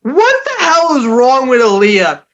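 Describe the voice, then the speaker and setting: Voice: sits high, huge pitch swings, measured pace, highs cut off. A podcast co-host in casual chat, throwing in joking interjections.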